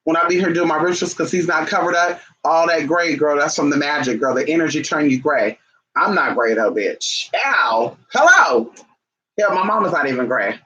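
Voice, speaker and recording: A man's voice: fairly high pitch, fairly quick, bright, forceful tone, poor audio. A man chatting casually to camera in a sassy, chatty way, calling his viewers honey and girl, and breaking off now and then to scold his pets. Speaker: vlogger. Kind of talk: casual talking-to-camera chat.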